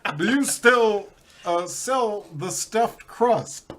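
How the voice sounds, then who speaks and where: A man's voice: high-pitched, animated, slow, background noise. A man doing a giggly ex-president prank caller. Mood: playful. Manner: giggly, keeps breaking into laughter.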